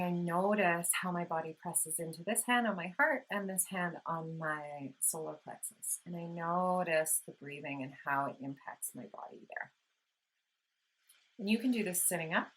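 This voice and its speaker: Gentle low-voiced woman giving wellness tips. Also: rough recording. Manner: demonstrates breathing with audible sighs. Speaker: wellness vlogger. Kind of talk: casual instructional talk.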